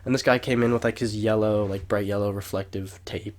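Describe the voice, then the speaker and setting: A young podcast co-host with a fairly low voice speaks fairly quickly over a noisy background, telling a long, rambling story in casual chat. He swears a lot and raises his voice in lively acted-out quotes.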